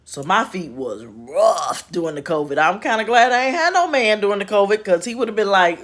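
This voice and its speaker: A woman's voice: mid-range voice, very animated, a little fast, hardly any pauses, fairly bright tone. A woman hosting a casual spiritual chat from home, folksy and chatty with laughing asides. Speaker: host. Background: home repair noise.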